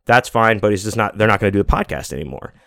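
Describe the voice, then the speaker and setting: A man's voice: fairly low pitch, expressive, fast talker, vocal fry, a bit bright, no room sound. A man in his forties hosting a podcast, talking in a rambling, casual monologue full of fillers, restarts and swearing. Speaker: podcast host.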